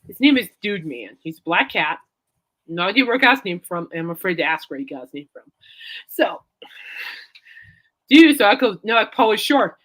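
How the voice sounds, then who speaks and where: A woman's voice: medium pitch, sing-song, moderate pace, pauses often, a bit bright. A woman hosting a casual chat show, rambling and giggling as she tells everyday stories. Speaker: podcast host.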